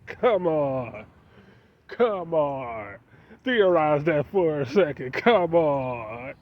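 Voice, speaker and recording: A man's voice: on the high side, lively intonation, extremely slow. A man talking casually to his viewers in a preachy monologue, firing off rhetorical questions. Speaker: vlogger. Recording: dull lo-fi sound with faint street noise.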